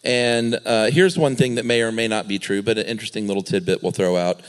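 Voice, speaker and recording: A man's voice: lowish voice, fairly even intonation, quick pace, smooth. A man co-hosting a live podcast, giving dry, teasing asides and telling part of a story. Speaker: podcast co-host. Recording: live show before an audience.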